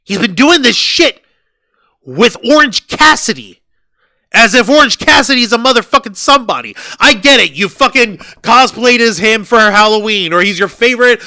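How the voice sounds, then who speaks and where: A man's voice: high-pitched, expressive, a little slow, pushed and bright, dry recording. A man co-hosting a wrestling review podcast, ranting with profanity and sarcasm. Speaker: podcast co-host. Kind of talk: heated wrestling review chat.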